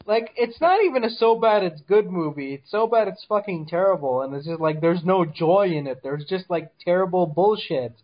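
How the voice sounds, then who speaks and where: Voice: mid-range voice, expressive, moderate pace, few pauses, lo-fi sound. Blunt, cursing podcast co-host. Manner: blunt and heavily profane. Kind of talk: casual movie review chat.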